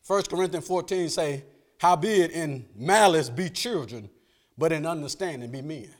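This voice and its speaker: A male pastor preaching a folksy sermon. He swings from hushed asides to shouted lines, asks for amens and laughs along with the congregation. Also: a little high, moderate pace.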